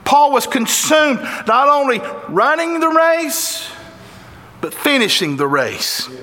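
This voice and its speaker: A guest preacher from Tennessee, a man with a high voice and a Southern Tennessee accent, delivers a sermon slowly in a fervent, folksy style, now and then bursting into excited exclamations. His words ring through a church sanctuary, each phrase trailed by long, echoing reverb.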